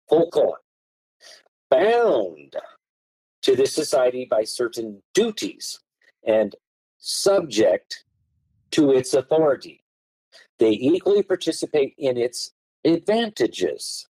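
A man's voice: medium pitch, sing-song, slow pace, pauses often, warm tone, breathy edge, dry recording, low-quality recording. A man as a podcast guest, explaining legal texts and reading them aloud, stressing key words with marked tone changes. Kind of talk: explaining law in a podcast conversation.

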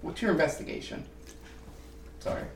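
A man acting as game master for a tabletop role-playing game, describing scenes with many pauses and ums. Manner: hesitant, many ums and restarts. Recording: roomy echo with faint noise.

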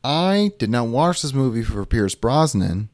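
A man's voice: medium pitch, unhurried, no echo, clean studio sound. A young man co-hosting a podcast, chatting casually and bluntly about a movie, often acting out what people say. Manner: blunt, animated, acts out quoted voices. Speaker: podcast co-host. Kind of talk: casual movie-review chat.

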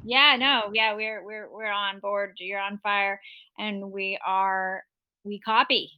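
A woman hosting a live stream in casual chat, agreeing eagerly and retelling things quickly. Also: medium pitch, fairly even intonation, clear, resonant tone, highs cut off. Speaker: host.

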